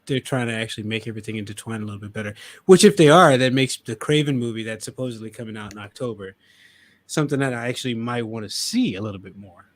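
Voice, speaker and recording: A man hosting a casual podcast chat, animated, swearing and laughing as he talks. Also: medium pitch, quick pace. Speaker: podcast host.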